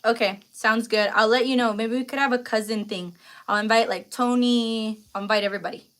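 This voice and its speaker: A young woman chatting on a live stream. Her voice is bright and forward, and her words come loose, with lots of fillers and slang. She sounds emotional, like she is close to tears. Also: medium pitch. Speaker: livestream host. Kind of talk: casual live stream chat.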